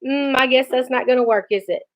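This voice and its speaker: A woman's voice: high-pitched, a little fast, voice pushed up, close to an everyday voice. A woman voicing a father in his thirties who jokes and teases in an amused way. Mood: teasing. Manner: joking, amused. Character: teasing father in his thirties, always laughing. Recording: dull lo-fi recording.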